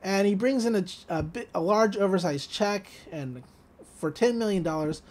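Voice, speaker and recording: A woman chatting on a podcast, running through a cartoon episode beat by beat. She giggles often and drops into quick character voices for the quotes. Her voice sits at an ordinary middle pitch. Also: expressive, a little mellow. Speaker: podcast co-host. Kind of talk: casual episode recap.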